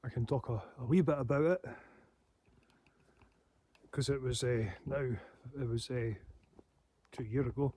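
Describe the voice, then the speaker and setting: A man's voice: medium pitch, a little slow, pauses often, warm tone. A man rambling in a casual monologue, swearing heavily and laughing to himself. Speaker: paranormal channel host.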